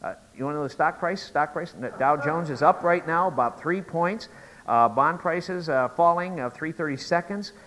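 A middle-aged man preaching a sermon, telling a joke story and rising to loud, emphatic peaks. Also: on the high side, moderate pace, rough recording. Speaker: pastor.

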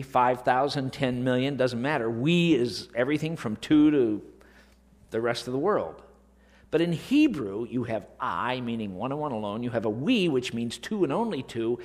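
A man teaching a Bible lesson in sermon style, animated and full of rhetorical questions. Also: mid-range voice. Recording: long reverb of a large hall.

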